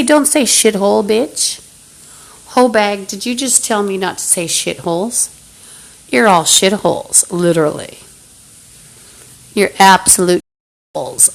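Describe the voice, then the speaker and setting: A woman's voice: medium pitch, creaky, rough recording. A woman on a phone livestream, hurling profane, hostile abuse at unseen listeners in an angry rant. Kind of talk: angry live-stream rant.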